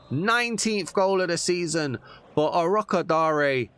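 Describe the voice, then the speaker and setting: A young man commentating on a football video game, veering between excited shouts at goals and muttered frustrated grumbling. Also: on the high side, unhurried, slight background noise. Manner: animated, bursts into shouts at goals. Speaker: gaming YouTuber. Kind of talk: gameplay commentary.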